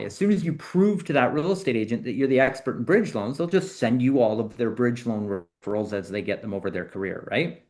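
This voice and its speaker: A man guest on a podcast interview, explaining his work in an animated way that speeds up and slows down to stress points. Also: mid-range voice. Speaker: AI consultant guest.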